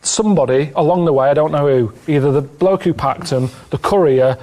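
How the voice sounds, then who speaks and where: A man with an English accent telling stories from his travels in a flat, deadpan, plainspoken manner during a TV interview. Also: on the high side, brisk. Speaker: show's traveller. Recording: music underneath from a TV clip.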